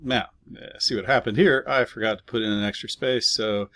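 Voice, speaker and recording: A man's voice: fairly low pitch, fairly even intonation, brisk, fairly bright tone. A man teaching a casual programming lesson, explaining step by step with fillers and offhand asides while typing. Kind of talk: casual screen-recorded coding lesson.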